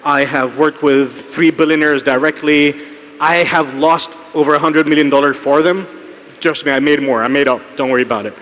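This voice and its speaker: Man, keynote speaker, conversational storytelling, slightly high pitch, long hall reverb. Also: steady tone, moderate pace, a bit bright. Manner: conversational storytelling, frequent "right?" and "um". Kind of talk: conference keynote talk. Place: large conference hall.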